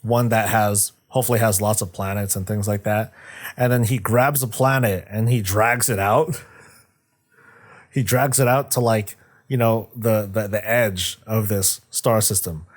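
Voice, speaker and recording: Speaking in a steady tone on the low side, a young man goes over game lore during a casual livestream. He rambles, curses, jokes as he recounts a story, and briefly acts out characters.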